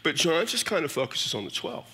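Animated, bright-voiced male pastor preaching. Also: on the high side, a little fast, husky. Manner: animated storytelling with casual asides. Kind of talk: sermon.

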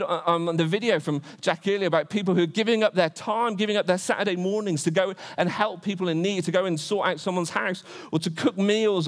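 A man in his twenties preaching a sermon, earnest, asking rhetorical questions again and again. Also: high voice. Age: 20s.

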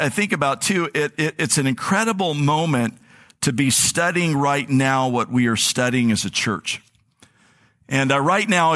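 A man's voice: mid-range voice, fairly bright tone. A male pastor giving a conversational sermon. He tells personal stories in an earnest way. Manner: earnest, storytelling, anecdotal.

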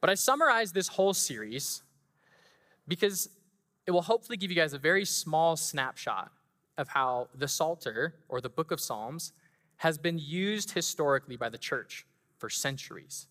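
A man preaching a sermon in a large church hall, playful and animated as he tells stories. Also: fairly high pitch, normal speed. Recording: long hall reverb.

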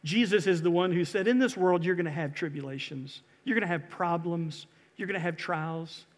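Male pastor, high voice, fervent sermon delivery, hall reverb. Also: moderate pace. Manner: impassioned, rising to loud exhortation and dropping to hushed pleas.

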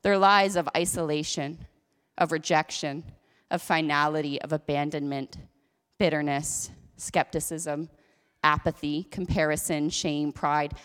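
A woman's voice: low voice, steady tone, a little slow, a bit bright, clean tone. Woman pastor preaching in an echoey church. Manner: conversational, self-deprecating asides. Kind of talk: sermon. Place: church sanctuary.

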